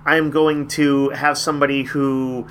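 A man's voice: medium pitch, flat delivery, measured pace, fairly bright tone, slight background noise. A man hosting a comic shop podcast, talking casually and enthusiastically in a rambling, hesitant way. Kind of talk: casual chat reviewing comics.

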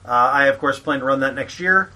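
A man hosting a podcast in casual chat, running through store news in a relaxed way. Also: mid-range voice, brisk. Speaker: podcast host.

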